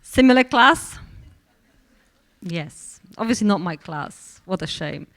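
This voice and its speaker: A woman's voice: on the low side, expressive, slow pace, fairly bright tone. A woman leading a teacher training workshop, speaking with many fillers and restarts. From Poland. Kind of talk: workshop presentation.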